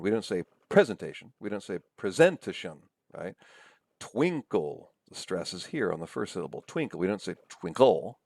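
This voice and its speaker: Lecturer: man, low raspy voice, patient and explanatory. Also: dry recording, clean studio sound. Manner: explanatory, reads examples slowly. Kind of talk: recorded lecture.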